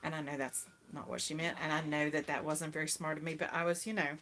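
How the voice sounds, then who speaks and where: A woman's voice: low-pitched, fairly even intonation, fast, a little hiss or hum. A middle-aged woman hosting a casual live-stream chat, talking with viewers and laughing often. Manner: chatty, laughs often, greets viewers brightly. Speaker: host.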